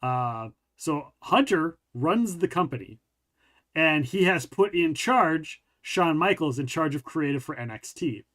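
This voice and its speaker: Male podcast host, a bit high-pitched, casual reader who stumbles and restarts sentences. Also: lively intonation, unhurried, a bit bright. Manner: stumbles and rereads while reading aloud. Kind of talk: casual chat and reading a news article aloud.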